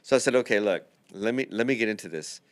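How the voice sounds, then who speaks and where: A man's voice: lowish voice, quick pace, no echo. A man hosting a podcast, telling a long rambling anecdote full of quoted dialogue in a casual chat. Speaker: podcast host, dental builder.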